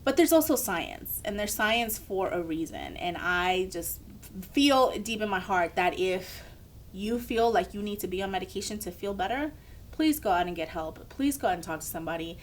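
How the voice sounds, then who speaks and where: A woman's voice: medium pitch, expressive, moderate pace, slight background noise. A young woman, a podcast co-host, telling a candid personal story in casual chat and acting out the people she quotes.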